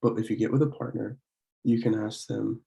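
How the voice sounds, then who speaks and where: Young guy teaching a french lesson, flat and dark voice, stops to clear his throat a lot. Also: on the low side, low-quality recording. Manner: clears throat often, pauses to correct himself; slow, repeated pronunciation drills. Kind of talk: slide-based language lesson.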